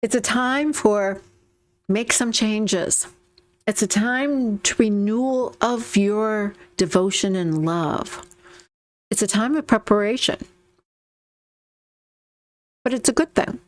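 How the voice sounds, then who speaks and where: A woman talks through a tarot reading in a loose, chatty way at a middle pitch. She repeats her phrases and slips into small acted-out quotes. Her voice is close and dry, with no room sound. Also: slow, pauses often, no echo. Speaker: tarot reader.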